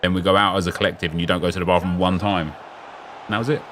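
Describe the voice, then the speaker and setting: A man's voice: sits low, flat delivery, racing, a bit bright, a little hiss or hum. A man in his thirties, chatting casually on a live stream and telling rambling stories to his viewers. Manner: rambling storytelling, laid-back.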